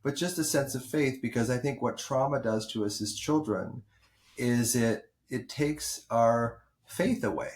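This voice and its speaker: A man's voice: mid-range voice, measured pace, darkish tone, a little hiss or hum. A man hosting a podcast as a doctor, explaining things thoughtfully with small restarts. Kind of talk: podcast conversation.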